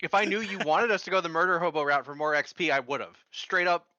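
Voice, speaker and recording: Brief: analytical D&D player, man, tense bright tone, muffled close recording. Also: on the high side, fast, no echo. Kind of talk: casual tabletop play.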